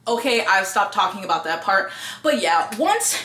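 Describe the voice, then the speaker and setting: A woman reviewing books in a casual, blunt, expressive way and swearing freely. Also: medium pitch, normal speed, roomy sound. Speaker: book reviewer.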